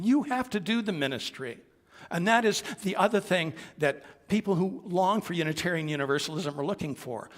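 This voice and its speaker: This minister's voice sits a little high and has a fairly bright tone. Delivering a sermon in a congregation's sanctuary, he speaks earnestly and conversationally, slipping in small asides, while the long reverb of the worship hall fills the recording.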